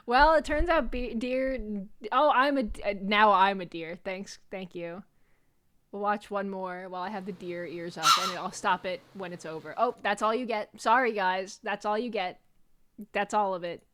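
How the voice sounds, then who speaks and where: A woman's voice: mid-range voice, moderate pace, a bit bright. A young woman streaming as a VTuber, chatting casually and playfully with her chat, laughing often and swearing freely.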